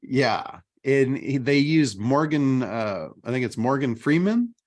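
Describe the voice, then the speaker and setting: Animated middle-aged man telling a story. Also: mid-range voice, takes it slowly. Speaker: podcast host. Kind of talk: casual chat.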